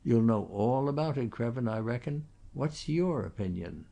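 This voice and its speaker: A man's voice: mid-range voice, lively intonation, moderate pace, vocal fry, dark tone. A man voicing a blunt, sneering tradesman in a storybook.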